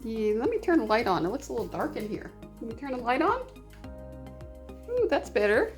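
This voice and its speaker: A woman's voice: on the high side, big pitch swings, fairly quick, soft background music. A woman, hosting a crafting vlog at home in a bubbly, giggly way. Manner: bubbly, giggly, sweet-talking. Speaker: papercraft channel host. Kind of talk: casual vlog chat.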